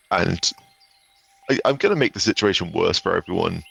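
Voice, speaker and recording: A man's voice: low voice, animated, measured pace, gravelly, bright, forceful tone, slightly rough. A man playing a tabletop game, casually explaining rules and his character's plans. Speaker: player.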